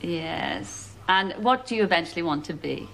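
A woman's voice: fairly low pitch, sing-song, moderate pace, vocal fry, rough recording. A woman with a Liverpool accent hosting a studio game show, bubbly and teasing and laughing often. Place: TV studio with live audience. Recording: loud studio audience and noise.

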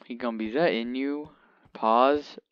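A man's voice: medium pitch, fairly even intonation, measured pace, smooth, dry recording. A man giving casual, rambling commentary while playing a game, joking around and talking to his in-game pet, on a dull lo-fi mic. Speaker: gamer.

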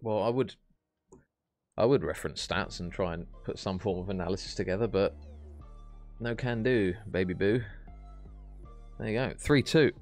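A man's voice: fairly low pitch, normal speed, pauses often, soft background music. A man hosting a live esports stream, casting casually with laid-back, jokey chatter. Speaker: esports caster and stream host. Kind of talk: relaxed live casting and banter.

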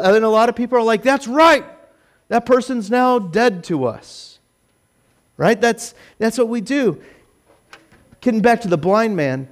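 Man, pastor, casual church sermon, high voice, chatty, animated, self-deprecating asides.

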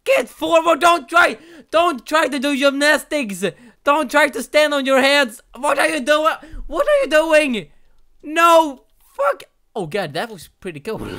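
Loud excitable young gamer shouting. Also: male voice, very high voice. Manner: loud, excitable, yelling and swearing at the game. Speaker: gaming channel host. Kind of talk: let's play commentary.

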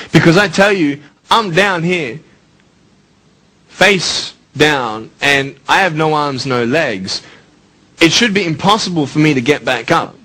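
A man's voice: a little high, sharp tone, rough recording. Earnest man giving a motivational speech. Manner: earnest, emphatic, with rhetorical questions. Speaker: motivational speaker. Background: background music.

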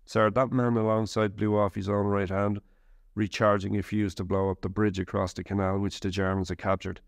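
A man's voice: on the low side, level tone, moderate pace, no echo, studio quality, lightly acted. A man reading as a badly wounded soldier. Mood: earnest. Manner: earnest, reporting to an officer.

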